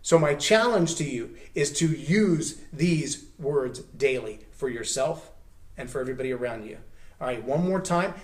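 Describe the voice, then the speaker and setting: A man with a somewhat high voice gives earnest motivational teaching straight to the listener. He urges, slows, and leans hard on key words. The sound carries a noticeable room echo. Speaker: author and personal growth speaker.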